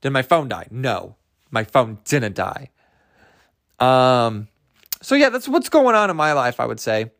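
A man's voice: medium pitch, very animated, unhurried, gravelly, long pauses, a bit bright, no echo, studio quality. A young man hosting a solo podcast, rambling in a goofy, self-amused way and laughing at his own jokes. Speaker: podcast host.

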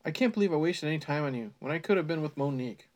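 A man's voice: on the high side, animated, rapid-fire, darkish tone, close to an everyday voice. A man voicing a cocky, mean teenage boy who taunts a girl, in a comedic reading of a horror novel. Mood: taunting. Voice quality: taunting, sneering.

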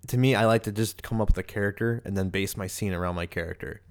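This young man from the US talks fast in a fairly low, fairly even voice while hosting a podcast. The casual chat is loose and rambling, full of "like"s, fillers and restarts.

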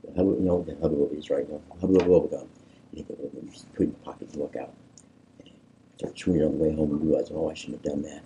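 A male pastor, preaching conversationally and drawing answers from a small group, animated and emphatic. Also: a bass voice, very fast, slightly rough, low-quality recording. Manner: animated, coaxing, rises to emphatic peaks. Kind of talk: conversational sermon with group discussion.

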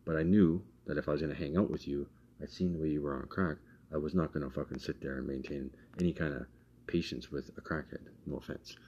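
A man's voice: very deep voice, fairly even intonation, quick pace, mellow. A man lecturing insistently in a heated casual argument, swearing as he talks. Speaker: friend in conversation. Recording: muffled lo-fi recording with faint noise.

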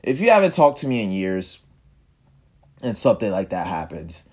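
A man's voice: on the low side, very animated, normal speed. A young man telling a personal story in casual speech, reflective and sometimes emphatic. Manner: casual and reflective, quiet dips and emphatic rises. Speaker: vlogger.

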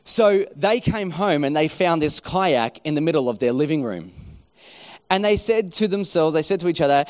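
A middle-aged man preaching a sermon, telling a story with lively acted-out quotes. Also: on the high side, moderate pace. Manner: animated storytelling, acting out quoted voices. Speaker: pastor.

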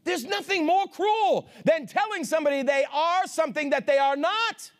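A man preaching a sermon with fervor, swinging between shouts and hushed asides and calling on the congregation for amens. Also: very high-pitched, animated, moderate pace. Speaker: pastor.

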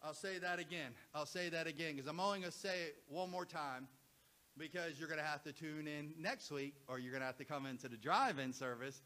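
A man preaching a sermon to his church and online viewers, building repeated rhythmic phrases into shouted climaxes. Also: fairly high pitch, a little fast. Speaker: pastor.

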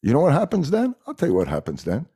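A middle-aged man with a Montreal accent whose first language is French, talking in a casual chat, animated and swearing freely. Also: a little high, quick pace, husky. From Montreal, Quebec. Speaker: guest musician.

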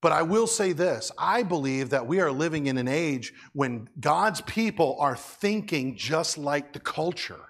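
A man's voice: on the high side, expressive, unhurried, few pauses. A man preaching a sermon as a pastor, in a conversational way, asking the congregation questions.

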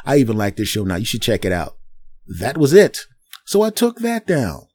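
A middle-aged man hosting a solo podcast, ranting in an animated way and acting out voices as he goes. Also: mid-range voice, moderate pace, no room sound, studio quality. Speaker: podcast host.

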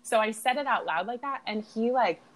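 A woman's voice: on the high side, lively intonation, brisk. A woman co-hosting a casual book podcast, chatting and telling stories with a laugh. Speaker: podcast co-host. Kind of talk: casual chat.

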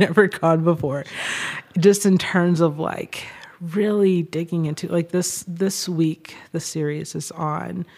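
A woman with a low-pitched voice speaks as a podcast guest. She thinks aloud in a reflective, searching way. Soft little laughs slip in between her thoughts. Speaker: podcast guest, writer and artist. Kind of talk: reflective conversation.

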